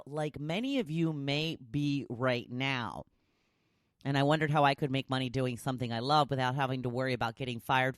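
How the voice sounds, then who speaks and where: Her voice sits low, and the studio-quality recording has no echo. Hosting her own podcast as a casual solo monologue, she banters and teases herself with plenty of self-directed jokes and laughter, then becomes motivational and encouraging.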